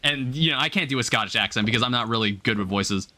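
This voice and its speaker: A man's voice: mid-range voice, fast talker, bright, forceful tone. A young man chatting casually on a live stream while he plays a game, thinking aloud in a rambling way with lots of filler words. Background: faint game music.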